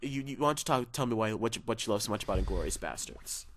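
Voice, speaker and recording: A man's voice: lowish voice, lively intonation, quick pace, fairly bright tone, a little hiss or hum. A man co-hosting a movie podcast in casual chat, laughing often and slipping into quoted film lines. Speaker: podcast co-host.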